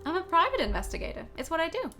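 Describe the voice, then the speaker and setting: A woman voicing a suave male fox private investigator with smooth, courteous and slightly theatrical manners, over faint background music. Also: extremely high pitch, huge pitch swings, racing, pushed and bright, pitched above the performer's own voice, full character voice.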